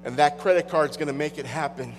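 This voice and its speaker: A man with a high voice preaches a sermon, emphatic and wry, in a conversational style. His words ring out with a long reverb, as if in a large hall, and a faint electrical hum sits underneath. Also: a little fast.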